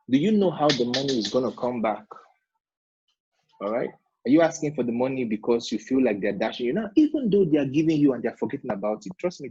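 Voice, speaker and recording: Husky man coaching entrepreneurs. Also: medium pitch, mellow, no room sound. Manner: emphatic, repeats points, checks in with "all right?". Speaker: business funding coach. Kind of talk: seminar talk to entrepreneurs. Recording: dull lo-fi sound.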